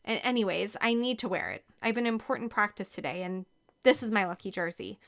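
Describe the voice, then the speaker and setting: A woman's voice: mid-range voice, lively intonation, fairly quick, a bit bright. A woman voicing Mary Kate, a stubborn, sporty young girl who talks in a blunt, matter-of-fact way. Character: stubborn sporty eleven-year-old girl.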